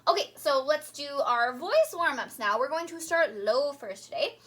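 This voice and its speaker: A woman voice teacher leading a recorded singing lesson, cheerful and encouraging, singing short warm-up demonstrations. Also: high-pitched, lively intonation, moderate pace.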